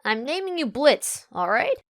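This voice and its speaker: A woman's voice: high-pitched, big pitch swings, a little slow, dry recording, studio quality, voice pushed up. A woman reading a fan audiobook and voicing a cocky young female pegasus pony who leads a vampire pack, brash and teasing. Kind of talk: audiobook character voice.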